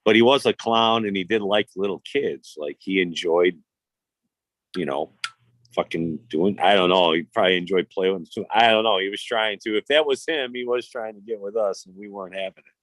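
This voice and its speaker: A man's voice: lowish voice, fairly quick, fairly bright tone, no echo. A man, telling stories in casual, profane, rambling chat as a podcast host. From Chicago. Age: 50s.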